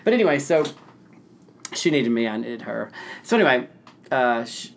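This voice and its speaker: A man in his thirties from the Nashville area, an event planner telling his story in a casual interview, rambling and excitable with laughs slipping into his talk. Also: medium pitch, moderate pace, gravelly, slight background noise.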